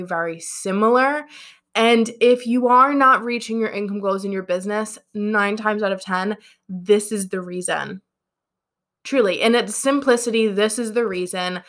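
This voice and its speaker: Woman coach, casual motivational talk, chatty and self-deprecating. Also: mid-range voice. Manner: chatty, animated, self-deprecating, many fillers. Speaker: business coach.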